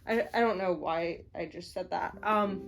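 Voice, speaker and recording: A woman's voice: fairly low pitch, normal speed, gravelly, over loud music. A woman vlogging from her home office in a rambling, casual chat full of fillers, playful and self-mocking. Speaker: book vlogger.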